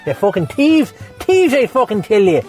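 Drunk irish guy slurring and cursing nonstop, bit higher voice, faint music behind. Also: huge pitch swings, moderate pace, a little mellow. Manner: heavy swearing, slurred and rambling. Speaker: podcast co-host. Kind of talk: drunken rambling monologue.

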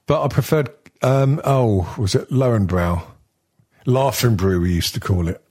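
Jokey bloke on a podcast, husky voice, sweary banter. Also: male voice, medium pitch, measured pace, darkish tone. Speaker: podcast co-host. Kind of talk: casual chat.

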